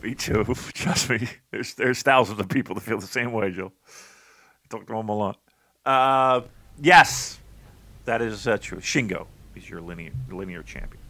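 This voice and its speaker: An American man co-hosting a wrestling podcast in a casual chat, excitable and joking, cursing now and then. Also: lowish voice, measured pace. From United States. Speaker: podcast co-host.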